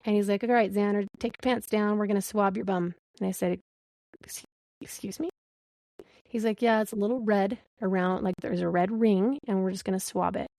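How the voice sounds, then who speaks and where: A woman's voice: mid-range voice, fairly even intonation, a little fast, hardly any pauses, dark tone, no room sound. A woman in her thirties hosting a podcast, telling a candid story and acting out the dialogue. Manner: candid storyteller, laughs a lot, acts out dialogue. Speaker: podcast host. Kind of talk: casual chat.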